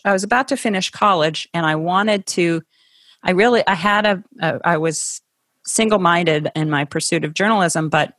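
A woman's voice: fairly low pitch, a bit bright, no room sound, clean studio sound. A middle-aged woman from Ohio, a guest in an interview, telling her story in a thoughtful, conversational way with some restarts and laughs. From Ohio, USA.

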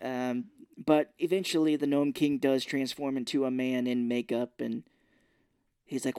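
A man's voice: medium pitch, little pitch movement, normal speed, darkish tone, smooth, no echo, clean studio sound. A man casually recapping a film scene by scene on a podcast, laughing often and dropping into mock voices for the characters. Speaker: podcast co-host. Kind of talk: casual movie recap chat.

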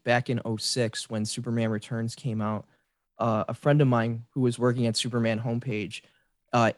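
A man's voice: mid-range voice, dry recording, clean studio sound. A man in his forties on a podcast, eagerly telling a story in casual chat, with frequent restarts. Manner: excited storyteller, many restarts. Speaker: podcast guest, fan site creator.

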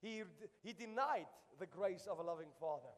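A pastor with a notably high voice delivers an impassioned sermon, hammering key phrases again and again. His words carry a long reverb from the church sanctuary. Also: lively intonation, moderate pace. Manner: impassioned preaching, repeats phrases for emphasis.

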